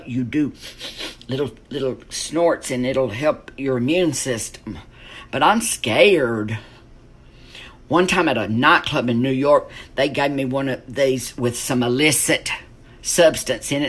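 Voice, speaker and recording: A man playing a slow-talking drama queen. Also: mid-range voice, fairly bright tone. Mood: campy. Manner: dramatic, gossipy storytelling with camp exclamations. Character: flamboyant middle-aged Southern man stuck in lockdown. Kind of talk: comic character monologue. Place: home, indoors.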